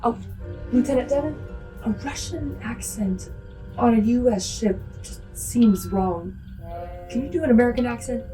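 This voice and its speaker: A woman playing a starship commander, giving brisk, commanding orders to her crew. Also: fairly high pitch, over music, low-quality recording.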